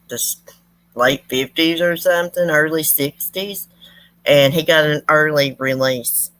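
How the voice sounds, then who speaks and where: A woman's voice: low voice, fairly bright tone. A woman telling folksy stories to her viewers in a chatty, rambling way. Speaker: true crime channel host. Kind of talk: casual storytelling to viewers.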